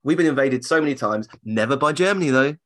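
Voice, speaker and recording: A man's voice: medium pitch, animated, quick pace, fairly bright tone. Man co-hosting a jokey podcast. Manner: jokey, puts on silly voices for laughs. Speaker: podcast co-host. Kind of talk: casual podcast chat.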